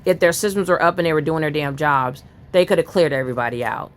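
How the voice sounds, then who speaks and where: Low-voiced furious woman ranting. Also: quick pace. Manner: furious, profane, reads news aloud then rants. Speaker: political commentary vlogger. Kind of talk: angry ranting commentary.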